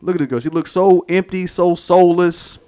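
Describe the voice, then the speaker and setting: A man's voice: high voice, moderate pace, mellow, clear, resonant tone. A man hosting his own commentary channel, ranting in a heated, mocking, profane way and repeating points for emphasis.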